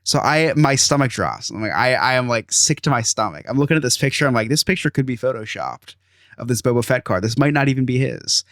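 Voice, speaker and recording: A man's voice: mid-range voice, animated, brisk, a bit bright, no room sound, studio quality. A man in his thirties hosting a podcast, telling an exasperated story in casual chat and acting out quotes. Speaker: podcast host.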